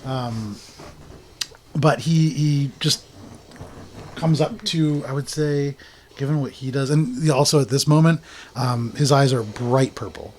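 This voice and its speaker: A man narrating as game master in a tabletop game, describing scenes with relaxed fillers. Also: medium pitch, a little slow, pauses often, a little hiss or hum.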